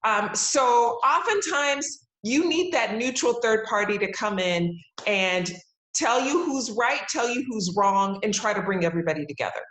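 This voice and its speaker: A woman's voice: fairly high pitch, lively intonation, moderate pace, fairly bright tone. A woman in her forties, a TV judge being interviewed, talking in an upbeat, emphatic way and laughing often. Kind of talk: casual interview talk. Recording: roomy echo.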